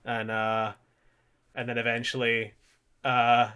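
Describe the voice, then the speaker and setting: A man co-hosting a casual podcast chat, recapping an anime and acting out characters' lines in quick put-on voices. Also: mid-range voice, monotone, pushed and bright, smooth. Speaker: podcast co-host.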